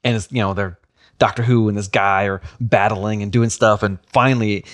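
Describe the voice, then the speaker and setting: A man's voice: fairly low pitch, fairly even intonation, moderate pace. A man telling stories in casual chat, often breaking into laughter.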